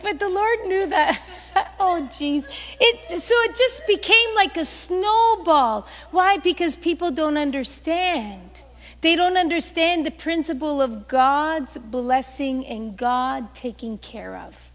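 Woman, pastor, sermon, high voice, lively storytelling, long hall reverb. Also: slow. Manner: animated storytelling, acting out quoted voices.

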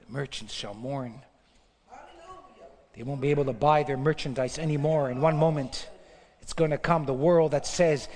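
High-voiced man preaching in a reverberant hall. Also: moderate pace. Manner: impassioned preaching, swinging from shouts to hushed tones, stammering repeats. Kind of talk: sermon.

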